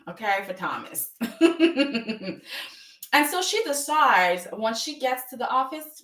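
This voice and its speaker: A woman's voice: on the high side, echoey room, distant mic. A woman chatting casually as she recaps a soap opera, acting out the characters' lines with lots of laughs. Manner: animated, acts out characters' lines, frequent laughs.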